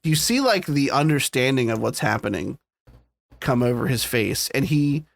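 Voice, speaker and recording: A man's voice: medium pitch, animated, moderate pace, gravelly. A man co-hosting a podcast, chatting casually and animatedly retelling scenes with plenty of swearing. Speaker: podcast co-host. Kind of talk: casual chat.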